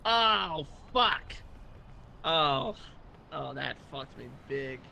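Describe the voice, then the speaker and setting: A cocky man trash-talking his friends in voice chat, his fairly high voice gravelly with a sharp, bright edge. A faint hiss of background noise sits under him. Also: expressive, drawn-out words. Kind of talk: gaming voice chat.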